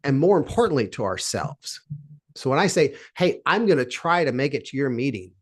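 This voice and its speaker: A man from Seattle giving an energetic, emphatic motivational talk at a virtual summit, asking the audience questions as he goes. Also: medium pitch. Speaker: speaker.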